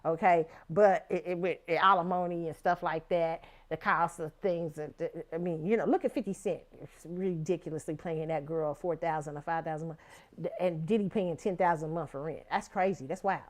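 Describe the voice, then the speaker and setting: A woman's voice: fairly low pitch, steady tone, moderate pace. Female host, casual outspoken commentary, salty language, laughs a lot. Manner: frank, profane, laughs often. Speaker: talk show host.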